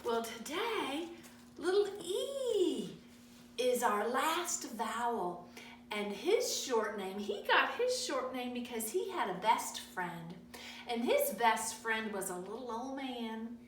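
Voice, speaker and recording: A woman teacher reading stories aloud to young children in a sing-song, animated way. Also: a little high, slow. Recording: echoey room, from far off, faint noise.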